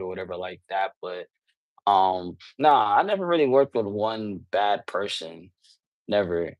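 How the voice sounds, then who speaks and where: A young man with a lowish voice talks through his answers in a meandering, casual way, packing in fillers and street slang. The recording is dry and close, with little room sound around him. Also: normal speed, no room sound. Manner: rambling, filler-heavy, slangy, restarts often. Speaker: underground rapper, interview guest.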